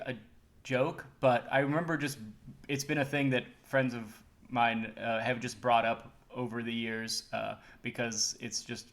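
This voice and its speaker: A man's voice: mid-range voice, a bit bright. A man co-hosting a podcast in casual chat, talking in tangents filled with "like". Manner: chatty, tangent-prone, with frequent "like". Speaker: podcast co-host.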